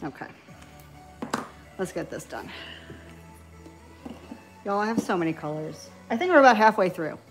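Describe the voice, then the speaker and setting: A Long Island, New York woman in her thirties, a nail beauty YouTuber, chats on a live stream while painting nail swatches, a bit tipsy on wine and easily sidetracked. She's chatty, scattered and giggly, with a mid-range, animated voice, moderate pace, long pauses and faint music behind.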